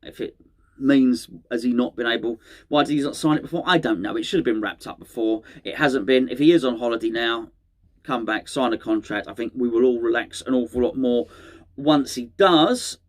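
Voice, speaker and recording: A man's voice: mid-range voice, normal speed. A middle-aged man, hosting a fan channel in rambling, chatty solo talk that often corrects itself mid-sentence. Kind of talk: casual solo fan chat to camera.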